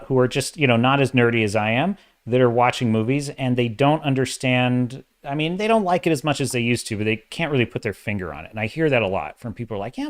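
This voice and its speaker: A man hosting a casual livestream of entertainment commentary, opinionated and exasperated, talking in bursts with restarts. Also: mid-range voice. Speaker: host of a sci-fi and fantasy commentary channel.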